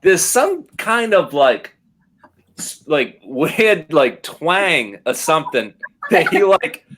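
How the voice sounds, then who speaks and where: A man's voice: on the high side, very animated, takes it slowly, a bit bright. A man from Rhode Island with a Rhode Island accent, a guest chatting casually in a rambling, self-deprecating way full of "like" fillers. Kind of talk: casual chat.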